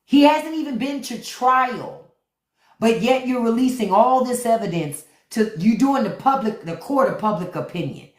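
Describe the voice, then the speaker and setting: A woman's voice: a little high, expressive, moderate pace, reverberant. Blunt, profane woman livestream host. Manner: blunt, profane, talks straight to viewers; repeats key words for emphasis. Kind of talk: unfiltered livestream commentary.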